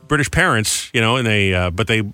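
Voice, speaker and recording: Quick chatty radio guy, middle-aged, bright voice, dry studio mic, keeps the banter rolling. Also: fairly low pitch, expressive, clean tone, no room sound, faint music behind. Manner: chatty, self-deprecating, quick. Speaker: radio morning show co-host. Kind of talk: casual morning radio banter. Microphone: studio microphone.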